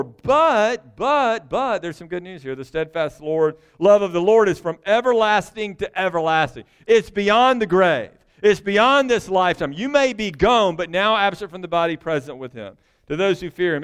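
A man preaching a sermon in a folksy, joking way, his voice swinging between loud bursts and hushed asides. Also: a little high, clear, resonant tone. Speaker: pastor.

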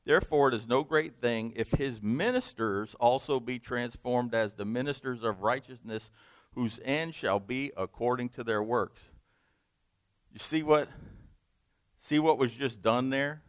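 Man, bible study teacher, measured scripture reading, smooth voice, dry close sound. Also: mid-range voice, dry recording. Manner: reads scripture aloud slowly, then explains conversationally.

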